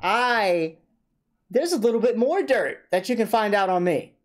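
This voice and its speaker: A man's voice: high voice, expressive, a little slow. A man hosting a livestream, chatting casually and playfully, often laughing. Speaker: livestream host.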